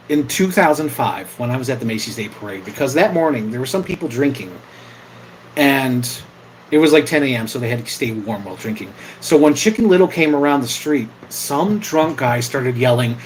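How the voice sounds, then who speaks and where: A young man hosting an impromptu livestream, chatting casually, swearing freely and bursting into loud yells. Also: medium pitch, animated, normal speed, a little hiss or hum, low-quality recording. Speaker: livestream host.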